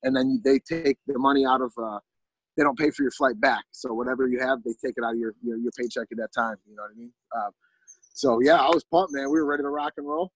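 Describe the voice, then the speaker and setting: A man's voice: medium pitch, fast, husky, no room sound, rough recording. A man casually telling a long story as a podcast guest, rambling with lots of fillers and restarts.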